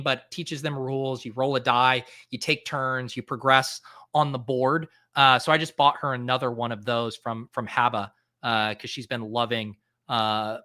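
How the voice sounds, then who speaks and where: A man's voice: medium pitch, sharp tone. A man in his thirties hosting a live stream in casual chat, thinking aloud with lots of fillers and restarts. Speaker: fantasy football podcast host.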